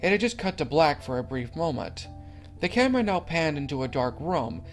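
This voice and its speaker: A man's voice: a little high, big pitch swings, brisk, soft background music. A man narrating a creepy horror story in an earnest, slightly stumbling reading.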